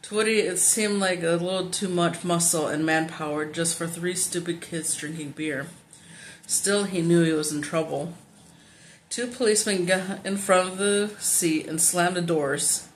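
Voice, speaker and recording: A woman reading a children's novel aloud in steady, plain narration, now and then stumbling on a word and correcting herself. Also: lowish voice, a little slow, a little hiss or hum. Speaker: audiobook reader.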